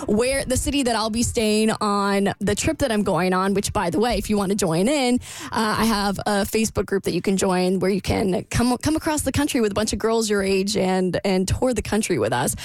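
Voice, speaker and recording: A woman's voice: mid-range voice, dry recording. An American woman hosting a podcast, chatting sarcastically with her co-hosts. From United States. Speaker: podcast host. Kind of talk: casual chat.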